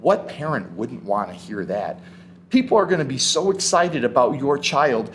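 A male pastor delivers a sermon in an animated, storytelling way, his pitch swinging widely as he leans into key words. He drops into casual, conversational asides between readings. A faint hum of ambience sits under the voice. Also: moderate pace.

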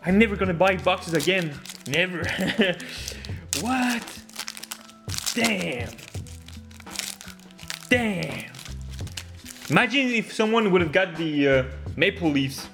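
With music in the background, a man with a high voice rips open hockey card packs and comments casually, laughing frequently and breaking into loud gasps and swearing at strong pulls. He speaks slowly with lively intonation and long pauses.

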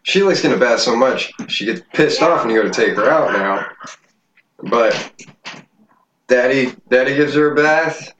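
A man's voice: medium pitch, expressive, normal speed, long pauses, a bit bright. A young man hosting a casual home podcast, joking and swearing freely, recorded on a laptop mic in a room at home. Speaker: podcast host. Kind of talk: casual chat. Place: home room with door open. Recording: dull roomy laptop mic with noise.

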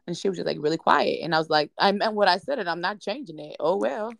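A woman's voice: lowish voice, animated, quick pace, vocal fry, no room sound, clean studio sound. A young woman, co-hosting a casual podcast chat, blunt and playful. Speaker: podcast co-host.

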